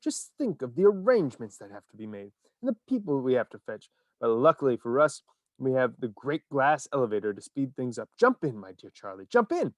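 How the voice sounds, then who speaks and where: A man's voice: mid-range voice, sing-song, no room sound, lightly acted. A man voicing a cheerful, eccentric candy maker who gushes with theatrical enthusiasm, in a storybook reading. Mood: overjoyed. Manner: exuberant, theatrical, rapid bursts of enthusiasm.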